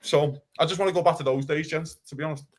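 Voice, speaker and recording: A man ranting heatedly about football on a casual podcast, swearing and talking fast. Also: a little high, steady tone. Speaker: podcast co-host.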